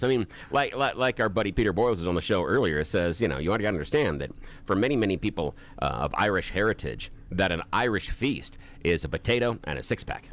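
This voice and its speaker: A man's voice: low-pitched, expressive, fast. A male radio co-host chatting casually and gushing with enthusiasm over the food. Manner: effusive, enthusiastic food praise.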